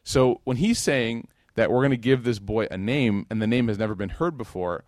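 A man's voice: medium pitch, moderate pace, no echo, studio quality. A man from the United States giving a casual religious talk with humor, telling stories animatedly and acting out the dialogue. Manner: animated storyteller who acts out dialogue. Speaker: religious speaker.

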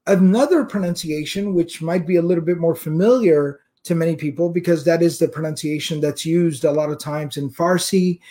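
A man giving a religious lecture, explaining terms patiently and repeating them slowly for emphasis. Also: fairly high pitch, warm tone. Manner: recites Quranic verses in Arabic. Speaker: Islamic teacher.

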